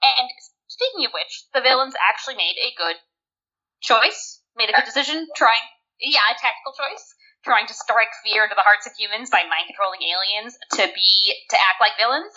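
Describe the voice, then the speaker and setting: A woman's voice: on the high side, lively intonation, normal speed, pushed and bright. A woman co-hosting a podcast, chatting casually about a TV episode, full of fillers and easy laughter. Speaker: podcast co-host. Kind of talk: casual TV episode recap chat. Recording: dull lo-fi recording.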